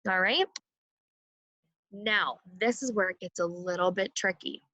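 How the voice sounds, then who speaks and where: A woman teaching a phonics lesson to young children, speaking slowly and clearly and modeling sounds for the class to repeat. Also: medium pitch, pushed and bright, no echo, lo-fi sound.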